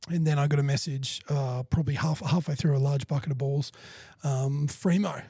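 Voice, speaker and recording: Man, podcast co-host, profane storyteller, mellow husky tone, slightly higher voice. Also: fairly even intonation, normal speed, no room sound, clean studio sound. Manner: sweary, rambling storyteller. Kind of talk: casual chat.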